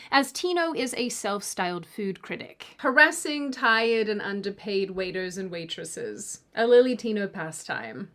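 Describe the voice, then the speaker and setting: A woman at an ordinary middle pitch reads a scripted commentary video. She keeps a sarcastic edge and breaks off for jokey asides and mock apologies. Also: a bit bright.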